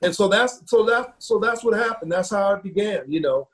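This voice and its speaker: With a high, fairly bright voice, this football coach from Ohio haltingly relates a personal experience. He sounds earnest, leaning on many fillers and repeating his words.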